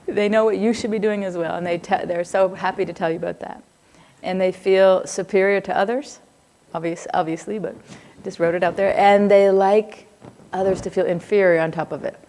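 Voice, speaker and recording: A woman's voice: mid-range voice, a little fast, warm tone. A middle-aged woman lecturing a live class on psychology in a loose, conversational way, often breaking off to check in with students. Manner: conversational, digressive, laughs easily.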